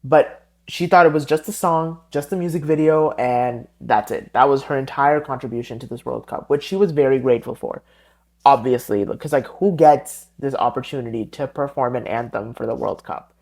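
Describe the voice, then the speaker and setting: A man's voice: mid-range voice, moderate pace, creaky, a little mellow. Rambling solo podcast host, a man. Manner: rambling, tangent-prone, self-correcting.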